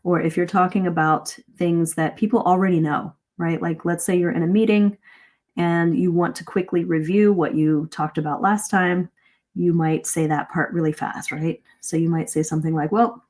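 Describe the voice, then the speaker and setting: Middle-aged woman coach, low-ish voice, animated live-stream lesson. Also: moderate pace. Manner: lively, varies pace and emphasis to demonstrate. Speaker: English speaking coach.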